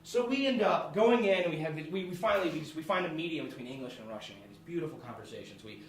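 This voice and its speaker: Lively young man telling a story on stage. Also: fairly high pitch, very fast, crowd noise. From United States. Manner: animated, laughing between lines. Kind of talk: live storytelling. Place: small theatre with live audience. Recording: echoey room, far from mic, audience.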